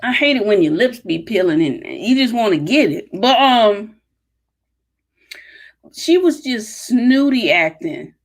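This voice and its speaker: A woman's voice: a little high, lively intonation, a little slow. A woman with a Detroit accent hosting her own podcast, chatting casually on a live Q&A stream, telling rambling stories with laughs and asides. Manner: chatty, storytelling, laughs and drifts off-topic. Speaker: podcast host.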